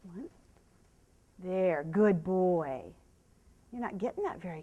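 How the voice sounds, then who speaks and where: A woman horse trainer giving a live demonstration, explaining to viewers and softly praising the horse, sometimes dropping to a hush. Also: on the low side, slow, dull audio. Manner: drops to a hushed whisper when calming the horse.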